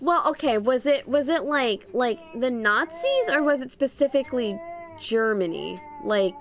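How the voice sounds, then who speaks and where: A young woman streamer with vocal fry, chatting playfully while she draws and laughing often. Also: sits high, sing-song, a little slow. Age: young adult. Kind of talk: casual stream chat while drawing.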